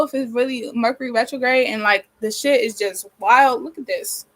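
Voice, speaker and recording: A nineteen-year-old woman chats straight into the camera from a small cold bedroom, rambling and venting with heavy swearing. Her voice sits a little high, and her irritated nose keeps her sniffling as she talks. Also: moderate pace, a bit bright, poor audio. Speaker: vlogger. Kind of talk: casual chat while doing her hair. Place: small cold bedroom with a space heater running.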